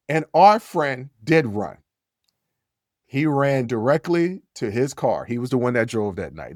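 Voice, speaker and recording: A man hosting a podcast, telling a story in a casual, animated way, repeating phrases and jumping his voice up when he gets worked up. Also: no echo, studio quality. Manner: animated, repeats phrases, jumps to high yells when quoting. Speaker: podcast host.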